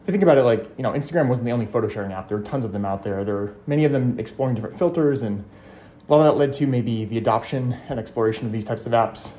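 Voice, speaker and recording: A man speaks quickly and with conviction while riding a bike, a little out of breath. His tone is warm and mellow. He talks in a relaxed, casual way. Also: mid-range voice, highs cut off. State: slightly out of breath. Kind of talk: casual chat.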